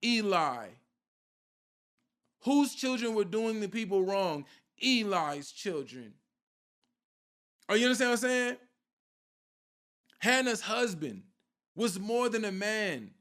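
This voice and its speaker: A man's voice: sits high, very animated, takes it slowly, pauses often, a bit bright. A man preaching an informal sermon with fervour, firing rhetorical questions at his listeners and repeating a question for emphasis.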